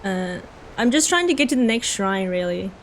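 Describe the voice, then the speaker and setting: Her voice is mid-range and expressive, moving at a moderate pace over slight background noise. A young Australian streamer with an Australian accent, she keeps up chatty commentary on her game while replying to her viewers' messages.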